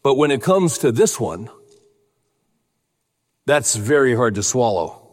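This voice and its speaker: Older male pastor, emphatic storytelling sermon, mid-pitched, long reverb of a large hall. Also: sing-song, takes it slowly. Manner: storytelling, emphatic, acts out quotes in a raised voice.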